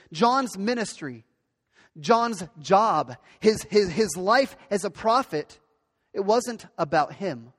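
High-voiced pastor preaching in a reverberant hall. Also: male voice. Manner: earnest, repetitive and emphatic. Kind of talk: sermon.

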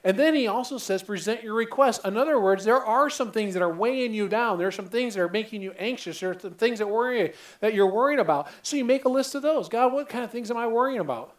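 A man's voice: high voice, animated, fast, few pauses. A man preaching a sermon earnestly, often repeating phrases and stumbling over his first words. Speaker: pastor.

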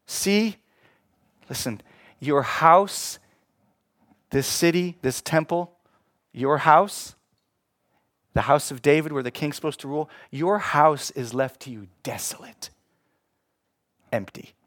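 A man preaching a sermon, swinging between hushed, slow passages and loud, emphatic ones. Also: a little high, no echo, studio quality. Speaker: pastor.

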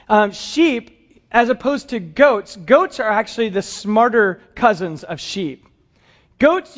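A man preaching a conversational sermon to his congregation, with light humor. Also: high-pitched. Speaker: pastor. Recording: dull lo-fi sound.

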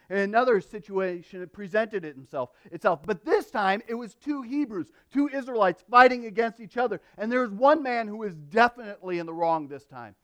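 A male pastor preaching a sermon, emphatic, dropping from loud to hushed and asking the listeners questions. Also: on the high side. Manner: asks the listeners rhetorical questions.

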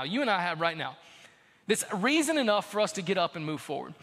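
High-energy preacher man, bright voice. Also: a little fast, long reverb tail. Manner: energetic, exhorting, shifts from shouting to hushed storytelling. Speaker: pastor. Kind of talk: sermon.

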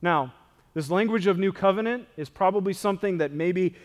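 A man with a high-pitched voice delivers a sermon, reading scripture and then talking it through in a conversational, animated way. His voice rings out in a hall with long reverb. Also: brisk. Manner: conversational, animated preaching with asides. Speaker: pastor.

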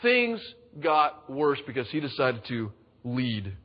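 A man's voice: mid-range voice, big pitch swings, slow. A pastor giving a conversational sermon, acting out the people he quotes. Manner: conversational, acts out quoted voices. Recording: dull sound in a reverberant hall.

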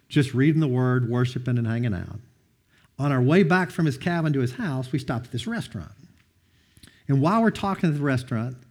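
A middle-aged man preaching a sermon, telling personal stories with an animated, storytelling delivery. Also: mid-range voice. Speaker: pastor.

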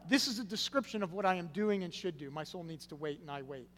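Man, pastor, sermon, higher-pitched voice, loud emphasis then hushed drops, long reverb, faint hum. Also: expressive, fast talker, few pauses. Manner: swings from loud emphatic stresses to hushed low phrases.

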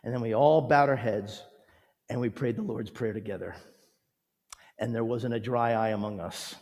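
A male pastor delivers a sermon in an earnest, gentle storytelling manner. His medium-pitched voice carries a long reverb, as if spoken in a large church sanctuary. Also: moderate pace.

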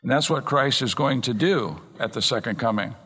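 A man preaching an earnest expository sermon from the pulpit, slowing down and speeding up to stress points. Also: medium pitch, bright, forceful tone, breathy edge. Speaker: pastor. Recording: long reverb in a large hall.

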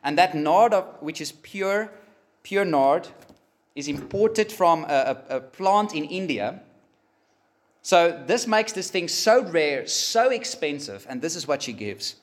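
A man preaching a sermon, emphatic and pausing, rising for emphasis. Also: on the high side, lively intonation. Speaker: pastor.

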